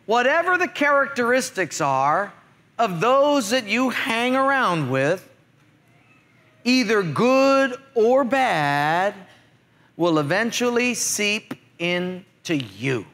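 High, bright-voiced pastor preaching. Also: male voice, slow pace. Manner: jokey storyteller, animated. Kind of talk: sermon.

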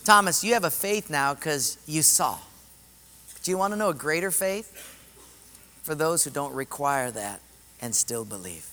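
A high, bright-voiced man preaches with lively storytelling, jumping into the voices of his characters. His words ring out with a long reverb, as in a large hall. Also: measured pace, long pauses. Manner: animated, acts out voices in stories. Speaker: pastor. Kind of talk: sermon with storytelling.

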